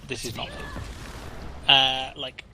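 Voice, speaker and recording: A man co-hosting a game stream in loose, casual chat. His voice is very bright and forward, and he rambles in halting bursts with many fillers and restarts. A faint hiss sits under the voice. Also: mid-range voice, level tone, poor audio. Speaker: co-host of a gaming stream.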